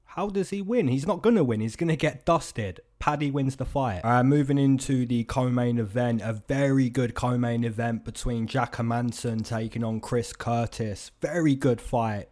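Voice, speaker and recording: A man hosting fight predictions in casual talk, animated, repeating his points and asking himself questions. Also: medium pitch, moderate pace, hardly any pauses. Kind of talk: casual betting breakdown.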